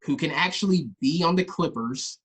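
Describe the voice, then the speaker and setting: Animated young man, husky voice. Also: normal speed, poor audio. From Los Angeles. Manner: animated, acts out people in loud high voices. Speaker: podcast co-host. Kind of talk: casual chat.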